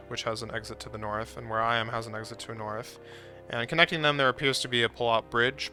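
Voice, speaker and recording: A man's voice: medium pitch, pushed and bright. A man casually narrating a video game playthrough for listeners, describing each scene in a playful, chatty way. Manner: playful and chatty, with frequent laughs. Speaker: streamer narrating gameplay.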